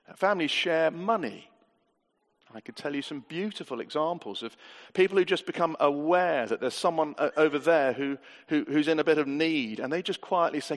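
A male pastor preaches a sermon to a church gathering in a church hall, earnest and conversational, often posing rhetorical questions to the congregation. His voice is a little high and moderately paced, with long hall reverb on the recording.

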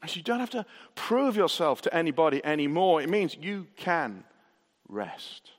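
Earnest preacher in an echoing hall. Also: male voice, fairly high pitch, sing-song, moderate pace. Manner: earnest, rhetorical questions and repetition. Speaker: pastor. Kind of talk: sermon. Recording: reverberant church hall.

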